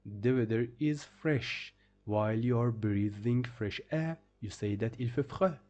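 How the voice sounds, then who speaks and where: A man's voice: medium pitch, lively intonation, a little slow, mellow, highs cut off. A man teaching a beginner vocabulary lesson, repeating each phrase and then translating it patiently. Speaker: French teacher.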